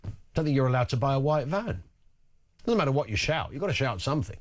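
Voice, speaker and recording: Male phone-in host, animated and wry, lots of pitch movement. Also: fast talker. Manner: animated, wry, chatty asides. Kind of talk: talk radio phone-in.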